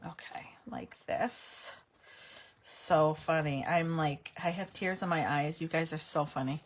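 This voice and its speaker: A woman's voice: low-pitched, steady tone, measured pace, a little hiss or hum. A woman hosting a live card-making tutorial, chatting with viewers in a giggly, chatty way. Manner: chatty, giggly, breaks into helpless laughter. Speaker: card-making livestream host.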